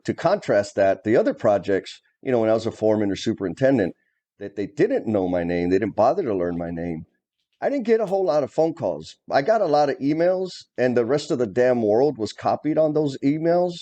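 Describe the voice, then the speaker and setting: Middle-aged man, co-host; mellow, blunt storyteller with a casual, cursing edge. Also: mid-range voice, very animated, fairly quick. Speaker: co-host, former plumbing superintendent. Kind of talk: casual conversation.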